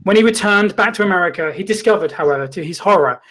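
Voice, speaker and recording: A man hosting a comedy show, reading a mock-documentary story in a deadpan, mock-dramatic way. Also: sits high, quick pace. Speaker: comedy host. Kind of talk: mock-documentary comic narration.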